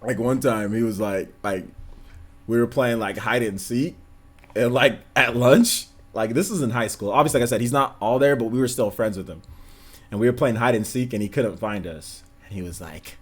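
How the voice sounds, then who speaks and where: A man's voice: mid-range voice, normal speed, slightly rough. A man in his thirties hosting a casual livestream, rambling through stories and laughing often. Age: 30s. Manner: rambling storytelling, frequent laughter. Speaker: livestream host.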